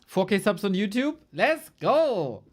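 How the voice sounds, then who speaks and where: A woman's voice: mid-range voice, very animated, unhurried. A woman esports caster chatting casually on a live stream, loose and playful, swearing and chuckling as she goes through rankings.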